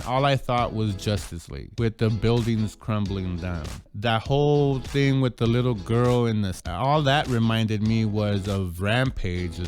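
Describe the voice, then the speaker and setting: A man giving a casual spoken movie trailer review, halting often with restarts and repeated words. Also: mid-range voice.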